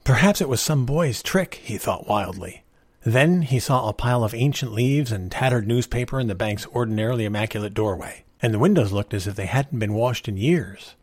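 A man narrating a story in a measured, expressive reading voice. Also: fairly low pitch, breathy edge, no echo.

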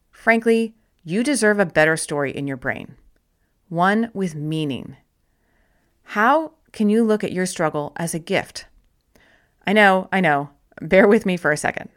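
A woman with a slightly low voice narrates a motivational self-help book. Her reading is gentle and encouraging. She slows down to stress key phrases with deliberate care. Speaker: audiobook narrator.

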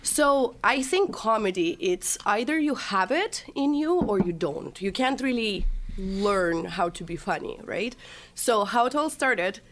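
A woman's voice: mid-range voice, expressive, unhurried, a bit bright, a little hiss or hum. A young woman from Russia, a TikTok comedian guest, chatting casually and telling stories with laughs and acted-out quotes. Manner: chatty storyteller, laughs often, acts out quotes. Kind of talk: casual interview chat.

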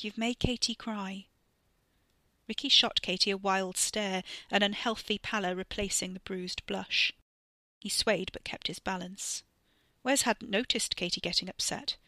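A woman narrating a scripted story with expressive reading. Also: medium pitch, moderate pace, no echo. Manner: expressive reading with voiced characters. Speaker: narrator and author.

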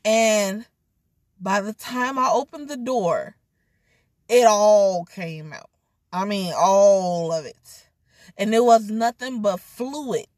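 A young adult woman vlogger telling a casual story in an animated, overly dramatic way. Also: mid-range voice, slow pace, no echo, studio quality. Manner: self-described overly dramatic, animated retelling.

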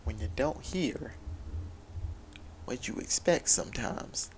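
A man's voice: mid-range voice, expressive, slow pace, darkish tone, slight background noise, rough recording. A man telling a personal story of faith and struggle in an earnest, confessional way, with many restarts. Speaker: father sharing a personal story. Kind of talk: candid personal talk about faith.

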